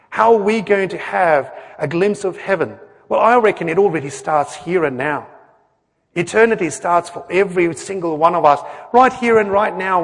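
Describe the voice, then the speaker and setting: Earnest man preaching in a reverberant hall. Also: high-pitched. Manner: earnest, conversational, with acted-out quotes and questions to the crowd. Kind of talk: sermon.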